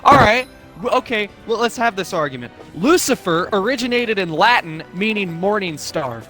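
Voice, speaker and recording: A man's voice: high-pitched, expressive, moderate pace, sharp tone, soft background music. A young man streaming live, ranting casually with lots of swearing and mocking put-on quotes of other people.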